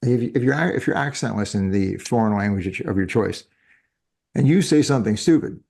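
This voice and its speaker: Fifty-something guy chatting on a podcast, lowish voice, rambles and restarts a lot. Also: expressive, moderate pace, vocal fry, mellow, husky. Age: 50s. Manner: rambling, self-correcting, chuckles often. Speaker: podcast host. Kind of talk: casual conversation. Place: living in France.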